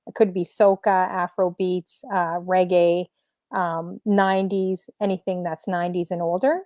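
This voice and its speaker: A woman streamer DJ as the guest in a casual interview, upbeat and chatty with many fillers, a little hoarse. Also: on the low side, flat delivery, a little slow, mellow, dry recording, studio quality. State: slightly losing her voice.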